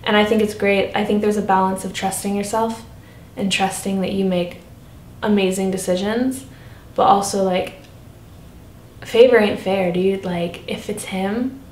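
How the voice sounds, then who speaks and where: A young woman chats through a personal story, earnest and animated, at a middling pitch. The room is echoey, and a faint low rumble sits underneath. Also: a little slow. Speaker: vlogger. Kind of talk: casual personal vlog storytelling.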